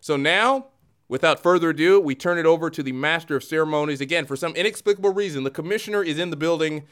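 A man's voice: a little high, fast talker, fairly bright tone. Mock-formal male show host. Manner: mock-formal, sarcastic asides. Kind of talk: mock-broadcast hosting.

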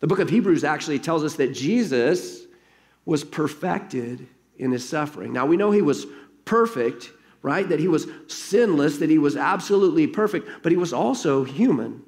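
A man's voice: a little high, animated, moderate pace, a little mellow. A man preaching a sermon as pastor, earnest and conversational, reading a story aloud to his congregation.

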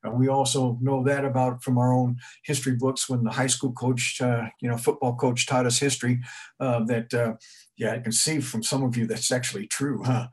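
A man's voice: mid-range voice, little pitch movement, moderate pace, breathy edge. A middle-aged man giving an informal history talk to an audience, conversational and rambling, with frequent restarts and asides. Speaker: museum speaker giving a talk.

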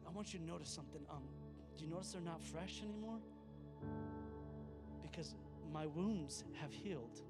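A man preaching a sermon as a pastor, swinging from hushed tones to shouting. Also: fairly high pitch, moderate pace, long pauses. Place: church hall. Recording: echoey hall with faint music.

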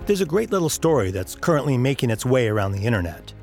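Gravelly man telling a story. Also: medium pitch, very animated, quick pace, over music. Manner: acts out characters' lines in the story. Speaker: podcast host. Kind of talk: podcast storytelling.

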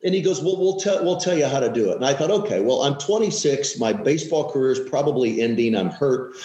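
As an interview guest, a fifties-aged TV weatherman casually tells his career story, poking fun at himself and acting out those he quotes. His medium-pitched, dark-toned voice is lively and fairly quick, recorded lo-fi in an echoey room.

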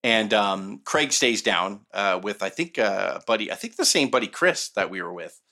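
On a podcast, a co-host with a fairly low male voice speaks at a normal speed, casually spinning long, rambling anecdotes. His storytelling chat is animated and packed with fillers and quoted voices.

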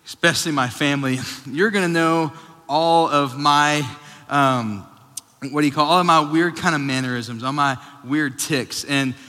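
A man preaches in a loose, self-mocking, conversational way. His voice sits high and sounds bright and forceful. The long reverb of a big church hall trails behind every phrase. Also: moderate pace. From Texas. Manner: self-deprecating, joking, conversational. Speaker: pastor. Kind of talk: casual humorous sermon.

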